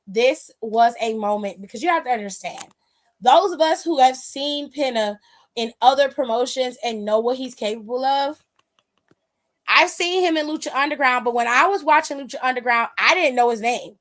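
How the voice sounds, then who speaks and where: A woman's voice: high-pitched, normal speed, a bit bright. A woman hosting a wrestling aftershow, giving casual, emphatic, profane live-stream commentary and reading viewer comments aloud.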